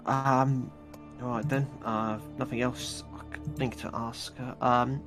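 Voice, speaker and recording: A player in a tabletop game who talks hesitantly, pausing on ums. Faint music plays behind. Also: mid-range voice, flat delivery.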